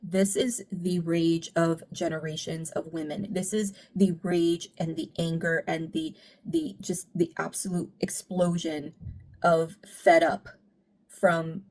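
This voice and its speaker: A woman's voice: lowish voice, takes it slowly. Earnest woman giving music commentary. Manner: earnest and reflective, speeding up when animated. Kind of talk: casual analytical commentary.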